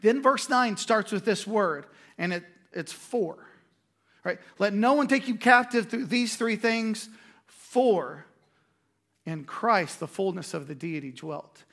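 Gravelly high-voiced male pastor preaching. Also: animated, a bit bright. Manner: conversational preaching with quick asides and restarts. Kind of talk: sermon.

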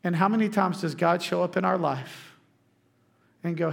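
A man, preaching a sermon as pastor, telling lively stories to the congregation and acting out quotes. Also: high voice, moderate pace, vocal fry.

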